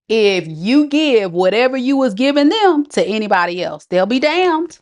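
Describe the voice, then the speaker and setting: A woman hosting a live tarot reading, talking straight to her viewers in a loose, slangy way. She laughs easily and keeps the tone chatty and familiar, in a voice of ordinary pitch for a woman. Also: very animated, normal speed, hardly any pauses. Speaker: tarot reader.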